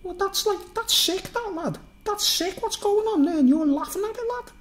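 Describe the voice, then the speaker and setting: A man voicing an indignant Scouse man who scolds his friend, with a Scouse accent and a high, nagging delivery. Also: lively intonation, normal speed. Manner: high, nagging, repeats "lad".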